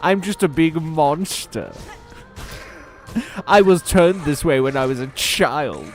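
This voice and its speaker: A man's voice: a little high, sing-song, slow pace, soft background music, exaggerated voice. A man voicing a big, brooding male beast who talks in a theatrical, pompous way. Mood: grand, theatrical.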